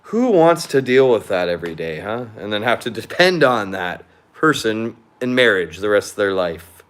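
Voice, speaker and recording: A man's voice: on the low side, big pitch swings, moderate pace, fairly bright tone. Young man venting, blunt and profane. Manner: drinking beer while chatting. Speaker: vlogger. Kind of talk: casual venting monologue.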